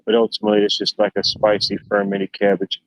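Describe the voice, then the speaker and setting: A man on the low side of the pitch range talks at a quick pace in a monotone while hosting a livestream. His casual chat is rambling, laid-back storytelling stuffed with fillers, and the dull lo-fi audio carries a faint hiss or hum.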